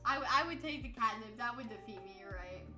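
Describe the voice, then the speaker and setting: A woman's voice: a little high, lively intonation, quick pace, sharp tone. A tired woman streamer chatting casually and rambling, laughing often and breaking into playful outbursts. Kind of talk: casual chat with chat readers. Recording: roomy sound with music behind.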